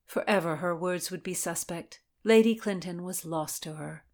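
A woman narrating a historical novel as an audiobook, measured and dramatic. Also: on the low side.

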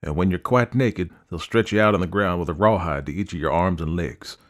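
A man's voice: low voice, brisk, darkish tone, natural voice. A man voicing a blunt frontier scout who talks in a folksy dialect, read aloud in an audiobook. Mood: grim. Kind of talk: audiobook character voice.

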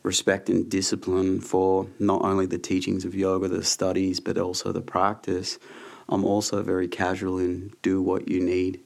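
A man's voice: deep voice, monotone, normal speed, creaky. A man, a yoga teacher speaking as an interview guest, frank and laid-back as he tells stories. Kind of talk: casual interview chat.

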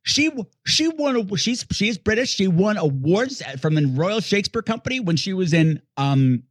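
A man with a high-pitched, husky voice co-hosts a podcast, riffing casually through a bad old movie. He's animated, joking, and quick to laugh.

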